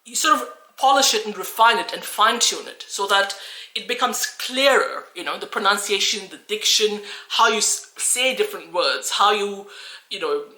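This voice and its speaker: A woman's voice: medium pitch, moderate pace, pushed and bright, reverberant, rough recording. A woman from Australia who coaches English, talking earnestly and encouragingly to camera with frequent restarts. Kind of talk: talking-head video.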